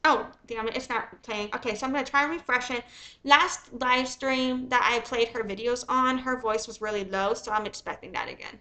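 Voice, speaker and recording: A woman streamer giving heated, profane livestream commentary with fast angry rants. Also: fairly high pitch, bright, forceful tone.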